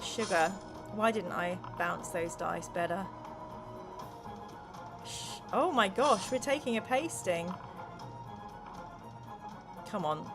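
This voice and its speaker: A woman's voice: mid-range voice, slow, pauses often, over music. A woman hosting a casual gamebook playthrough, reading viewer comments aloud in a playful tone and narrating the story with dramatic flair. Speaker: host playing a gamebook. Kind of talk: casual game playthrough chat.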